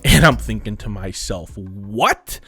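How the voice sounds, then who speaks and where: A man recounts a wild personal mishap for his vlog, his pitch swinging widely as he acts out what each person said. His voice sits in a middle register, with faint music playing under it. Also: lively intonation, normal speed. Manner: dramatic, quotes people in different voices. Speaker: YouTuber telling a story. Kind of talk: animated storytelling vlog.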